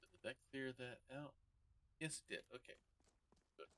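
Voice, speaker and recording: A man playing through a game in character, speaking in terse, halting lines with occasional asides as himself. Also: mid-range voice, lively intonation, pushed and bright. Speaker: game role-player.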